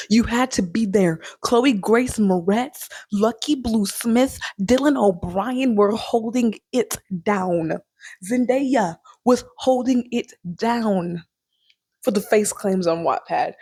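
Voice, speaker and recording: A young woman chatting casually as a vlogger reviewing a movie, animated and quick to laugh. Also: medium pitch, slightly rough, dry recording, studio quality. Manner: chatty, animated, laughs often, sings snippets.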